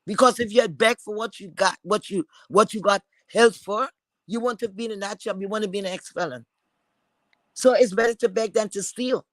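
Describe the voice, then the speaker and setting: High-voiced man ranting angrily. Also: normal speed, fairly bright tone, dry recording, rough recording. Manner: insulting, repetitive, confrontational. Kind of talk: heated profane rant.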